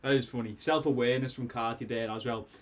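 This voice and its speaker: A man with a Scouse accent talks through an album in a loose, excitable ramble from his bedroom. He sounds a bit tipsy, laughs often and keeps circling back to his points. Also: medium pitch, fast talker. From Liverpool, England. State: tipsy after drinks. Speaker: music reaction host. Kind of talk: casual album reaction. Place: bedroom at home.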